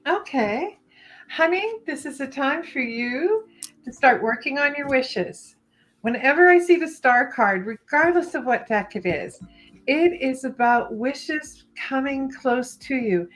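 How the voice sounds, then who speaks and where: A woman's voice: sits high, animated, unhurried, soft background music, low-quality recording. A woman co-hosting a live psychic stream, giving encouraging tarot readings and calling listeners "honey" and "darling". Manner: warm endearments, giggly, encouraging. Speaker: co-host psychic reader.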